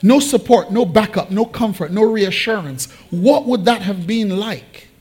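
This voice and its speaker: A man's voice: high-pitched, breathy edge. A man preaching a sermon, switching into playful voices to act out Bible figures. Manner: animated, acts out biblical figures in quick asides. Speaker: pastor.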